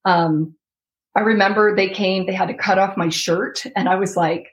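A woman's voice: mid-range voice, fairly even intonation, moderate pace, low-quality recording. A woman in her thirties telling her personal story as an interview guest, reliving her own past words.

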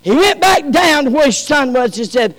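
A man preaching a sermon as pastor, rising to shouted peaks and dropping to soft, low passages. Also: very animated, normal speed, in a large hall, rough recording.

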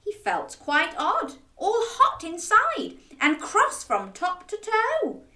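A woman reading a picture book aloud to children in an animated, interactive way, asking them to join in. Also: extremely high pitch, takes it slowly, echoey room. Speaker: children's storyteller.

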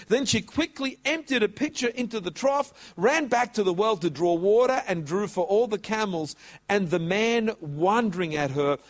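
A man preaching a sermon, telling a story and stretching out words for emphasis. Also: sits high. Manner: animated, drawn-out emphasis.

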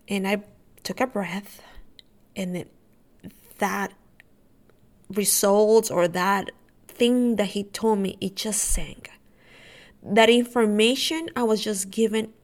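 A woman podcast host telling a personal story, candid and emotional, dropping soft then rising with heat. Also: medium pitch. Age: adult with school-age kids. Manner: emotional, candid retelling with soft drops and excited rises.

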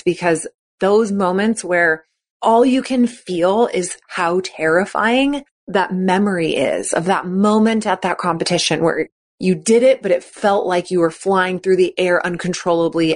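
A woman coaching on a podcast, talking in an encouraging, chatty way and acting out quoted thoughts. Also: lowish voice. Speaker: gymnastics coach and podcast host. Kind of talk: podcast monologue.

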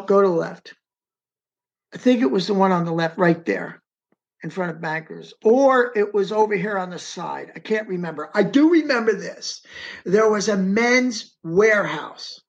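A man being interviewed as an eyewitness. He tells his story in dramatic first person, with emphasis, and pauses to direct someone moving a map on screen. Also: high voice, creaky, muffled recording.

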